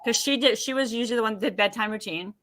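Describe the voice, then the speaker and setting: A woman with a fairly high, very fast voice is a guest on a podcast interview. An emotion healer, she tells personal stories with animation and acts out what people said.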